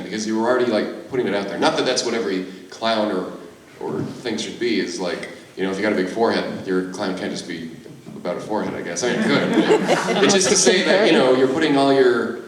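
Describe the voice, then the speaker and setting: Man, chatty panel talk, lively up-and-down voice, distant mic, very echoey room. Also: fairly low pitch. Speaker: convention panelist, mime performer. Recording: echoey hall, far from the mic.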